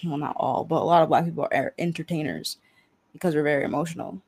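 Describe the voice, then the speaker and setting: A man's voice: on the high side, quick pace, creaky, a crowd in the background. A man in a casual podcast conversation, chiming in animatedly and swearing casually.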